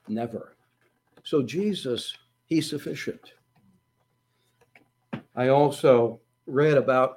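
A male preacher delivering a sermon with earnest, emphatic conviction. His voice sits a little higher than most men's and he takes his time, drawing words out before pressing hard on key points. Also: a little mellow. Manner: earnest, slow and emphatic, rising to bursts of intensity.

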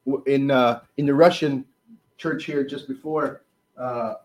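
A man preaching a sermon, reading scripture with rising force and dropping low on asides, with frequent restarts. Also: low-quality recording. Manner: animated, rises loud on scripture and drops low on asides; halting, with restarts and fillers.

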